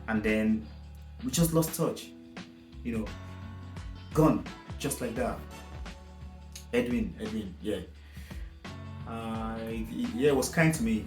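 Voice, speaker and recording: Emotional low-voiced man telling his story. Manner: emotional, reflective, meandering. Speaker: vlogger. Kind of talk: casual personal storytelling. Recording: roomy echo with faint guitar music.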